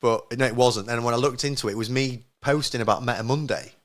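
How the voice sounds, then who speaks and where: A man, co-hosting a casual podcast and telling rambling stories with quick restarts. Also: medium pitch, fairly even intonation, a bit bright. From northern England. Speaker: podcast co-host.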